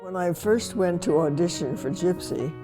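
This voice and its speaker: A woman's voice: lowish voice, normal speed, over music. An older woman reminiscing in a casual interview, telling wry anecdotes and chuckling at herself.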